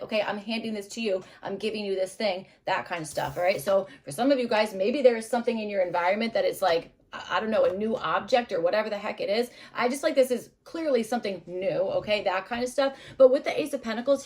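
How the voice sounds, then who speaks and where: A woman's voice: mid-range voice, a little mellow. A young adult woman doing a casual tarot reading, rambling and hesitant with many fillers. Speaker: tarot reader.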